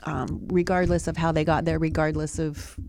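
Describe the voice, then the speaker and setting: A woman's voice: deep voice, little pitch movement, moderate pace, vocal fry, a little mellow, dry recording. A woman in a talk show, telling a personal story in an earnest, reflective way with many restarts. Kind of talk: conversational storytelling.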